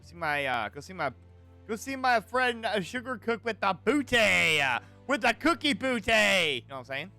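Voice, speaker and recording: A man streaming a survival game, giving animated, swear-laden commentary and chatting with his viewers. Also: sits high, normal speed, faint music behind. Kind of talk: live gameplay commentary.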